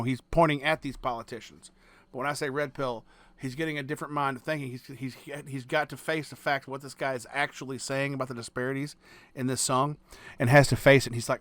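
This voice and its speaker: A man's voice: on the high side, fairly bright tone, dry recording. A man with a Southern American accent reacting on his channel in casual commentary, blunt and profane, stumbling over restarts. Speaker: reaction video host.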